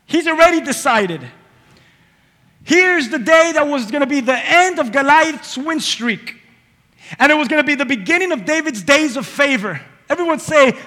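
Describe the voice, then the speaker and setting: Bright high-voiced preacher in a reverberant hall. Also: male voice, moderate pace. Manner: energetic, playful, calls for audience response. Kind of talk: sermon.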